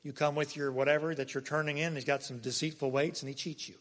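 A pastor delivering a conversational sermon, swinging between loud emphasis and soft, quiet asides. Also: male voice, a little high, little pitch movement, fast. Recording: long hall reverb.

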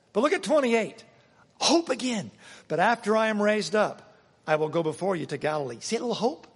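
High-voiced man preaching in a reverberant church. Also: very animated, moderate pace, gravelly, slightly rough. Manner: emphatic, swings from loud to hushed; dramatic reading of scripture quotes. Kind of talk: sermon. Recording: long reverb of a church hall.

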